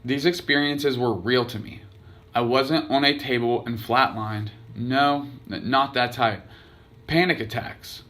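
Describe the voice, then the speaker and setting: A man's voice: medium pitch, steady tone, measured pace, a bit bright. A man reading aloud his own blog post, telling a personal story earnestly and dramatically.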